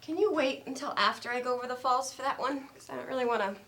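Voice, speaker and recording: Bitter deadpan woman, dark humour, played by an actress; bright, sharp tone, slightly high. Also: fast talker. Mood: dry. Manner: deadpan, dry, hesitant with ums. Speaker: actor in a scene. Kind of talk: stage comedy scene. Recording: faint noise in a training studio.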